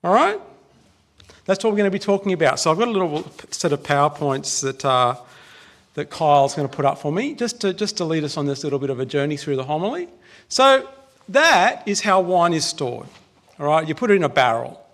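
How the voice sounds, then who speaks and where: A man's voice: a little high, lively intonation, a little fast, a bit bright. A man with an Australian accent preaching a casual, chatty sermon in a church, joking with the congregation.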